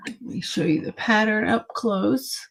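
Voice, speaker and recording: A woman's voice: mid-range voice, animated, measured pace. A woman hosting a live online vintage sale, praising items enthusiastically and announcing upcoming shows.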